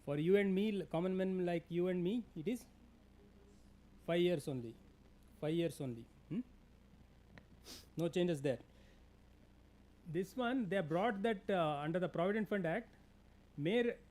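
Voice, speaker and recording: A man with an Indian English accent lectures a class in a fairly high but mellow voice. He pauses often, restarts words and fills gaps with "uh". He tells his listeners plainly what to mark in their notes. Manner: halting, many fillers and restarts, directive. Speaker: lecturer on labour law. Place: lecture hall.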